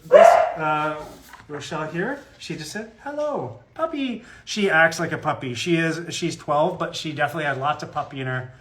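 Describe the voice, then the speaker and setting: A man's voice: a little high, fairly quick, background noise. A man chatting casually with fans on a live autograph stream, rambling and joking in a self-deprecating way. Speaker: guest voice actor at a fan autograph Q&A.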